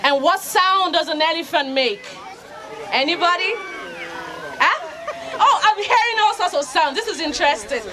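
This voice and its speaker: A bright, high-voiced woman from Nigeria tells a children's story at an outdoor festival, her pitch leaping up and down as she coaxes the kids to answer back. She speaks into a handheld microphone, with a faint crowd murmuring behind her. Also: normal speed. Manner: lively, call-and-response, coaxing children to join in. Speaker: storyteller and radio host. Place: outdoor festival kids' area. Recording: outdoor crowd noise in background.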